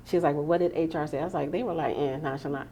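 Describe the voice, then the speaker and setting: A woman hosting a podcast, chatting casually and telling animated stories, acting out the voices of the people she quotes. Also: deep voice, rapid-fire, a little hiss or hum. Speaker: podcast host. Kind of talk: casual chat.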